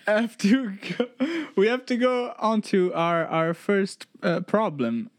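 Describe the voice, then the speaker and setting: A man co-hosting a podcast in casual banter, playful and excitable, often repeating his words. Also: high-pitched, slow, no room sound, studio quality. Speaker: podcast co-host.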